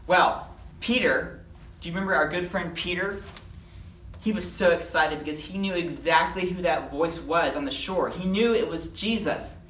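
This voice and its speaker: A lively storyteller leads a children's Bible lesson and gives the characters their own voices. The voice sits at a middle pitch. It sounds roomy, caught from a distance with faint background noise. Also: moderate pace. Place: church. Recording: echoey room, mic at a distance.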